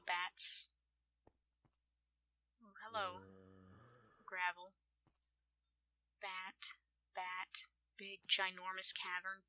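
A woman quietly commenting on her own gameplay, often in a whisper and talking playfully to herself. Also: mid-range voice, slight background noise, rough recording. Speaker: gaming channel host.

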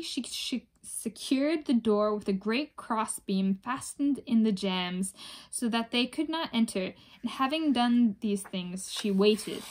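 A woman reading a folk tale aloud in a measured storytelling manner. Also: on the high side. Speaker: reader.

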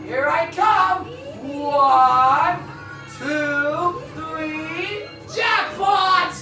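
Woman yelling and cussing over a kart race, high voice, roomy far-off mic with game music playing. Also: extremely slow. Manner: excitable, swears and yelps. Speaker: gaming channel host. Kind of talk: let's play commentary.

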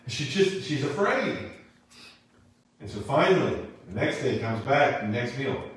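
A man teaching a Bible class in a church, retelling a story in an animated, casual way, recorded in an echoey room from a distant mic. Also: mid-range voice, a little slow. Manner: animated, casual, acts out characters. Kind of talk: lively storytelling lesson.

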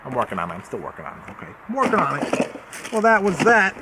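A man's voice: on the high side, wildly swooping pitch, fast, heavy background noise. A young man vlogging as he unboxes a subscription box, rambling and jokey, often correcting himself. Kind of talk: casual unboxing vlog.

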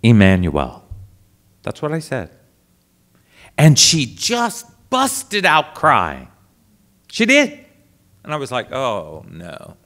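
A priest tells a story to a live audience in a dramatic way. He speaks slowly, and his pitch swoops widely. His voice drops to a hush and then rises loud. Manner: dramatic, animated storyteller who swings between hushed and loud. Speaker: priest giving a talk.

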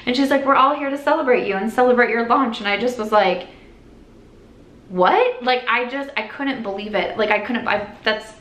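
A woman's voice: on the high side, fairly quick, few pauses, fairly bright tone. Chatty young woman vlogging makeup. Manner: rambling, lots of "like" and restarts, earnest. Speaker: beauty vlogger. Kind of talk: chatty get-ready-with-me vlog. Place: at home doing makeup. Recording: echoey room.

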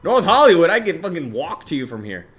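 Animated young man chatting with a stream. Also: medium pitch, a little fast. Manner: swearing, animated, shouts out chat names and places. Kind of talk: casual livestream chat reading viewer comments.

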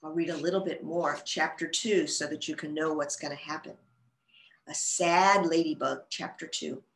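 A woman librarian reading a storybook aloud to young children with gentle, expressive storytelling. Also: sits low, normal speed, a little hiss or hum. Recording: roomy echo.

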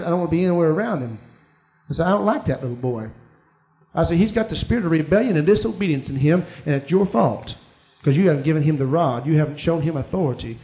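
A man with a high, light voice preaches to his congregation, telling a personal story. He swings from quiet, confiding asides to emphatic, rising declarations. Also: muffled recording. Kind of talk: sermon.

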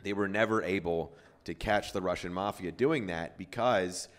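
A man's voice: sits low, moderate pace. A man hosting a podcast, telling a story in loose casual chat with lots of fillers and swearing. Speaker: podcast host.

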